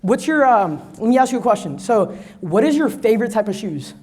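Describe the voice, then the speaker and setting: Energetic man giving a sales pep talk. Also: high voice, a little fast, breathy edge. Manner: energetic, addresses crowd directly, acts out customers' lines; frequent "right?" tags and repeated words. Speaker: company president giving a conference talk. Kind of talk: motivational sales training talk. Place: conference stage.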